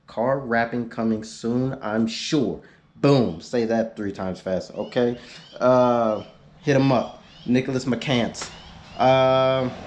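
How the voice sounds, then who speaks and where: A man's voice: medium pitch, darkish tone. A man, chatting casually on his car vlog, reading out viewer suggestions with laid-back joking asides. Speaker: YouTube car vlogger.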